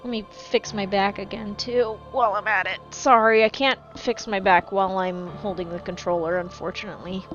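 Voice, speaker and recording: A woman's voice: medium pitch, steady tone, normal speed, few pauses, a bit bright, dull audio, soft background music. A woman chatting casually while gaming, rambling and swearing freely in a jokey put-on accent. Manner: jokey put-on East Coast-style accent. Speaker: gaming streamer.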